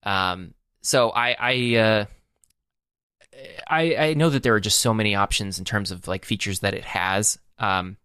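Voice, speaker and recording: A man's voice: fairly low pitch, unhurried, sharp tone, smooth, dry recording, clean studio sound. A man co-hosting a podcast, chatting casually about tech, rambling with many fillers and restarts. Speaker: podcast co-host.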